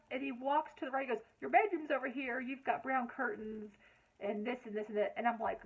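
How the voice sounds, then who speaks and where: Chatty woman vlogger, husky tinny sound. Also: a little high, fairly quick. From Lexington, Kentucky. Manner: chatty, animated retelling with frequent fillers. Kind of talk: casual storytelling.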